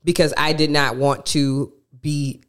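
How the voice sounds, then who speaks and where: A woman's voice: deep voice, flat delivery, measured pace. A woman from co-hosting an advice podcast, emphatic and chatty, repeating her key points. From Athens, Georgia, US. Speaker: podcast co-host. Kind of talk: casual advice chat.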